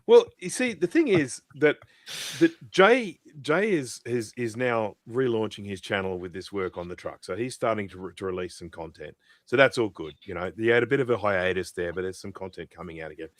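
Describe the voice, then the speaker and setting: A man's voice: on the low side, lively intonation, a little fast, no room sound, clean studio sound. A man rambling animatedly in a casual livestream chat, full of restarts. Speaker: regular co-host.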